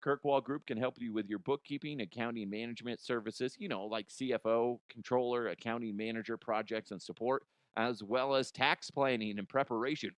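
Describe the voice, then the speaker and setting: A man's voice: mid-range voice, fairly even intonation, brisk, hardly any pauses, clear, resonant tone, no echo, studio quality. A man hosting a comedy podcast, rambling casually and laughing at his own jokes. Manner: rambling, giggly, self-deprecating. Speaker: podcast host.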